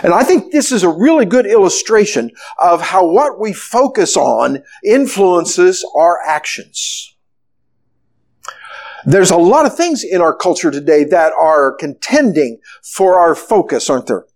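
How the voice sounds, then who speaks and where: A pastor delivers a sermon in a relaxed, conversational way. His voice sits high for a man, and he often piles up rhetorical questions to draw his listeners in. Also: a little slow.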